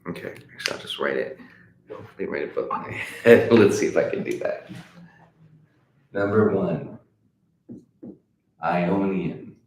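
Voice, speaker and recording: A man's voice: sits low, normal speed, pauses often, darkish tone. A middle-aged man teaching a livestream guitar lesson, chatty and encouraging, with many fillers and restarts. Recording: echoey room with faint noise.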